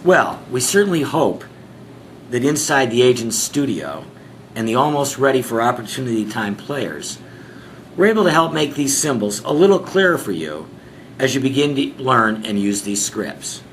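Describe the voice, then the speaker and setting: Guy teaching a class, bouncy pitch, jokey, bit of room hiss. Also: big pitch swings, normal speed, poor audio. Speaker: class presenter. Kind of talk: instructional presentation.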